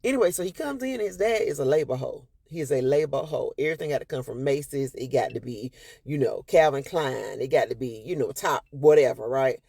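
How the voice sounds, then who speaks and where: Fast-talking sassy woman storyteller, gravelly. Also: animated, warm tone, no room sound, studio quality. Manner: sassy, emphatic, acts out quotes with big pitch jumps. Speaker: vlogger telling a personal story. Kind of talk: animated storytelling to followers.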